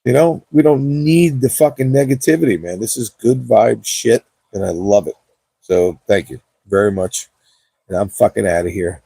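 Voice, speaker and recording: Gravelly, mellow-voiced man streaming casually. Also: lowish voice, normal speed, no room sound. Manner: profane, laid-back, rambling. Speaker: gaming livestreamer. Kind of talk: casual livestream chat. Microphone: cheap wireless mic.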